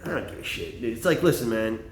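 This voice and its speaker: A man's voice: mid-range voice, fast talker. A man talks in a loose, rambling monologue, swearing freely and circling back on his own thoughts. His voice sits in a middle register. The room around him is roomy and echoey, with a faint hum of ambience. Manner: rambling, profane, lots of fillers. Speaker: vlogger.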